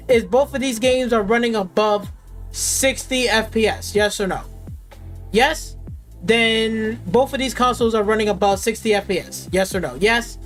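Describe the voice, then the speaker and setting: A woman streamer ranting with angry, sarcastic, profane commentary at her gaming PC. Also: mid-range voice. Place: at a desktop gaming PC.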